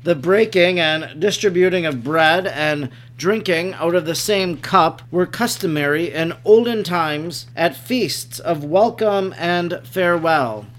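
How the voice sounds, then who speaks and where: A man narrating a devotional text in a measured, even reading. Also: on the high side.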